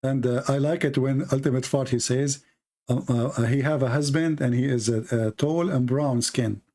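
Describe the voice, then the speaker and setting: A man whose first language is Arabic tells stories and argues in broken English, animated and laughing. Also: mid-range voice, moderate pace. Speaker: host. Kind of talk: casual storytelling and polemic.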